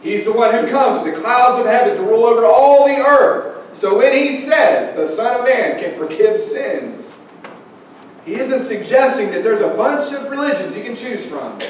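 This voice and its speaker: A high-voiced male pastor preaches in a church sanctuary, pressing his point with questions to his listeners. His voice booms back from a very echoey hall, picked up from some distance by a room mic, with faint noise underneath. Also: animated, normal speed. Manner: preaching with rising emphasis and direct questions to listeners. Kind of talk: sermon.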